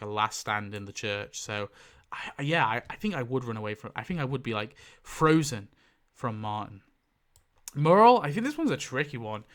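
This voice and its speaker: A man giving casual, rambling commentary, correcting himself often, swearing freely and jumping up in pitch for emphasis. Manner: animated pitch jumps for emphasis. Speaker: YouTube tier-list ranker.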